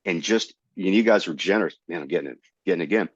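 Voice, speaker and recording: Middle-aged male comedian, low voice, dry and slightly dull recording, animated storyteller. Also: very fast, husky, no room sound. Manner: animated, jumps into high voices to act out quotes. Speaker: comedian guest. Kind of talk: storytelling in a casual interview.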